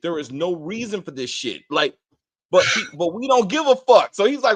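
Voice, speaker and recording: A man co-hosting a casual TV review, animated and profane, acting out scenes in put-on voices. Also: high-pitched, normal speed. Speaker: show co-host.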